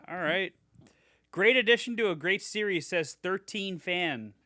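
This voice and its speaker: A bright, forceful young man co-hosting a casual podcast. He reads fan reviews aloud in a sarcastic, mock-enthusiastic tone and swears freely. His voice sits a little high and sounds dry and close to the mic. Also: animated, slow, no room sound. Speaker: podcast co-host.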